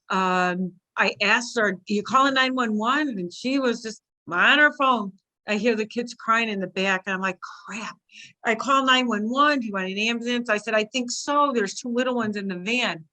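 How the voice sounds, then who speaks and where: A woman on a casual talk show, telling a story of her own and acting out what she said at the time. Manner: animated, acts out her own past lines in a shrill cry.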